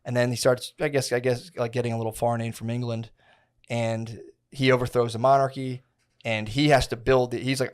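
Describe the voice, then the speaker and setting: A man's voice: medium pitch, little pitch movement, moderate pace. A young man co-hosting a podcast, telling a history story in a rambling, slangy, profane way with lots of fillers. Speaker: podcast co-host. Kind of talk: casual podcast chat.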